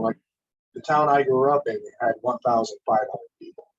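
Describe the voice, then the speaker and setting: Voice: medium pitch, a little slow, pauses often, lo-fi sound. A home cook on a video call chatting in a matter-of-fact way with dry humor. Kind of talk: casual chat.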